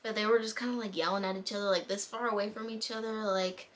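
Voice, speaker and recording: Bright-voiced chatty young woman. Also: mid-range voice, quick pace, hardly any pauses. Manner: chatty, animated retelling with bursts of laughter. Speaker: vlogger. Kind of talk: casual storytime chat. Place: home room. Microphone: camera mic.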